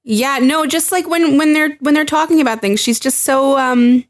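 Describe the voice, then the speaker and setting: Animated woman chatting on a podcast. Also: high-pitched, normal speed. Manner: animated, acts out quoted lines. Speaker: podcast co-host. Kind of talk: casual chat.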